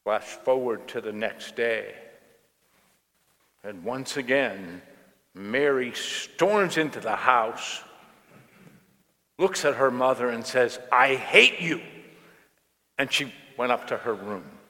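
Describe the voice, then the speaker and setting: A male pastor delivering a sermon at a very unhurried pace, his mid-range voice telling a story. The church around him adds a long, trailing reverb. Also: mid-range voice, a bit bright.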